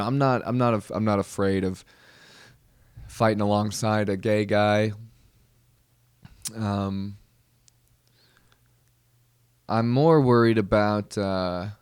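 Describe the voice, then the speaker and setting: Rambling joking man, lowish voice. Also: steady tone, slow, clear, resonant tone, no echo, studio quality. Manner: rambling, joking, full of fillers and restarts. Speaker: podcast host. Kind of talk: comedic monologue.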